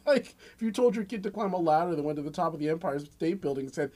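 A man's voice: fairly high pitch, animated, fast, few pauses, dark tone. A man chatting casually on a podcast, telling stories animatedly and acting out quotes, with frequent swearing.

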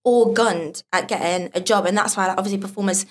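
Chatty Geordie woman, soft accent. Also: mid-range voice, fast talker. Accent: Geordie, softened. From North East England. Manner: chatty, many "like" fillers, laughs often. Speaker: guest performer. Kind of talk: casual podcast chat.

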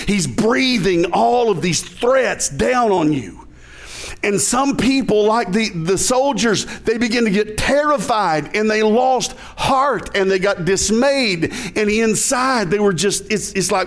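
A man's voice: high-pitched, lively intonation, unhurried. Man with a Southern lilt preaching a sermon. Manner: conversational preaching, chuckles, asks the congregation questions. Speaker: pastor.

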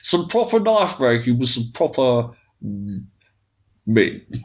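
A man's voice: medium pitch, very animated, slow, lo-fi sound. A man, a knife maker in crude, joking casual chat. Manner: swears a lot, laughs and mimics others.

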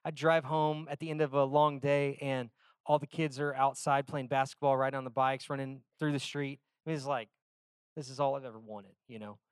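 A man preaching a sermon, telling a personal story in a conversational way, dropping to quiet asides and reading scripture slowly. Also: mid-range voice, flat delivery, smooth, no room sound, studio quality. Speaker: pastor.

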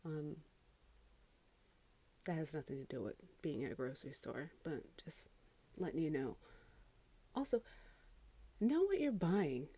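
A woman's voice: deep voice, very animated, a little slow, long pauses, mellow, slightly rough. A woman who works as a grocery cashier, ranting casually about customers from inside a closet, exasperated and incredulous and swearing freely.

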